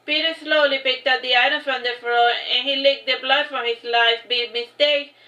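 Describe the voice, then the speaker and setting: A high, bright-voiced woman reads her own fantasy story aloud on a stream, often backing up and restarting her sentences. The sound is echoey and dull, like a lo-fi room recording. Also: steady tone, moderate pace. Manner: unpolished reading with frequent restarts and fillers. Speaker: narrator reading her own book. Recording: echoey, dull lo-fi livestream audio.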